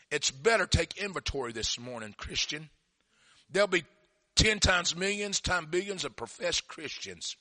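A middle-aged man preaching a sermon, telling folksy stories and swinging from quiet asides to shouted fervor. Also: fairly high pitch, sing-song, moderate pace.

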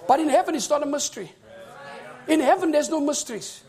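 A male preacher delivering a fervent sermon, often shouting and calling on the congregation for amens. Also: very high voice, lively intonation, brisk.

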